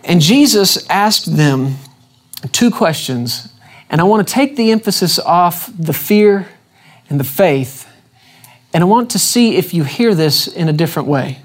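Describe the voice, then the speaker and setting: A man's voice: high-pitched, animated, a little slow. A man preaching a sermon, emphatic and repeating his questions, calling on the congregation to respond.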